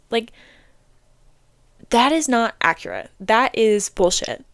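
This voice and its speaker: A woman's voice: medium pitch, sing-song, slow pace, pauses often, dry recording. A young woman hosting a casual solo talk, rambling and emphatic, with frequent "like" and blunt swearing, recorded on her phone indoors. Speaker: podcast host. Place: indoors under an air vent.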